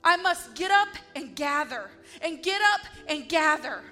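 A woman's voice: sits high, lively intonation, measured pace, pushed and bright, soft background music. A woman giving an earnest, heartfelt devotional testimony, speaking with emphasis.

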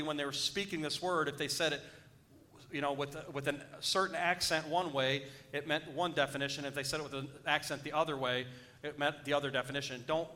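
A male pastor with a bright, forceful voice pitched a little high. He preaches with emphasis and keeps asking the congregation if they follow. He pushes hard on the key lines. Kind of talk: sermon.

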